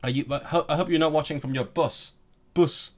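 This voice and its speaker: A stammering, chatty language-learning streamer from Hong Kong, in his late 20s, reads out viewer comments during a casual live-stream chat. He jokes around with frequent stammered restarts, speaking fast in a fairly high-pitched, steady voice.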